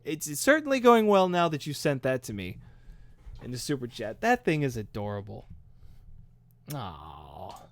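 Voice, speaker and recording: Smooth-voiced man chatting on a live stream. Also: fairly high pitch, big pitch swings, brisk. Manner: chatty, upbeat and self-deprecating. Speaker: host. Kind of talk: casual live-stream chat answering viewer comments. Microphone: studio microphone.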